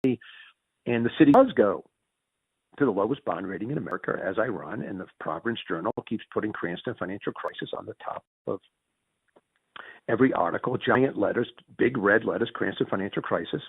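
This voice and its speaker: A middle-aged man spins a casual story in an interview, his pitch swinging widely as he gets excited. His voice is husky and a bit gravelly. The sound is tinny and phone-like, with a dry, close feel. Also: fairly quick, no room sound. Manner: animated, jumps in pitch when excited. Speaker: interview guest.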